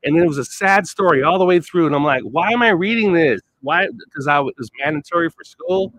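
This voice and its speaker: On a rough recording, a man's slightly high, somewhat bright voice races through a wandering, foul-mouthed monologue. He curses nonstop, trails off, and restarts as he finds his thread again.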